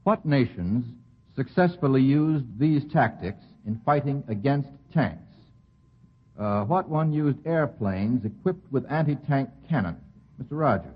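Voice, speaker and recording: Husky-voiced man hosting a radio quiz. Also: mid-range voice, expressive. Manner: brisk, amused questioning. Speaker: quiz show moderator. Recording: lo-fi 1940s radio broadcast.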